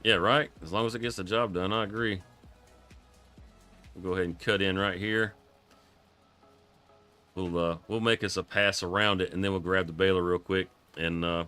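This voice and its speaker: Streamer, male, very low but bright voice, froggy, laid-back and rambling, music faint behind. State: froggy from coughing. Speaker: live streamer playing a farming game. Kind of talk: casual gameplay commentary.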